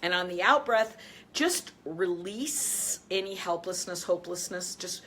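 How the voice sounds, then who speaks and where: A middle-aged woman coaching listeners through stress. She talks with energy and emphasis, laughs often, and goes soft and low when she leads them through slow breathing. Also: expressive, a little hiss or hum. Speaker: coach and show host. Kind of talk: motivational talk with guided breathing.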